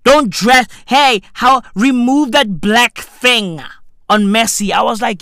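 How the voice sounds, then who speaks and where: A man in a profane comic rant, incredulous and swearing, jumping to a squeaky high pitch in disbelief. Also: slow, bright, forceful tone, no echo, studio quality. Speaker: comedian.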